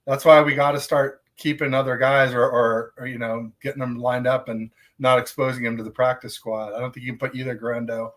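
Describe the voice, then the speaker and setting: A man co-hosting a podcast, chatting casually and chiming in with quick asides. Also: mid-range voice, little pitch movement, a bit bright. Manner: conversational, chimes in with quick asides. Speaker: podcast co-host. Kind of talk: casual sports chat.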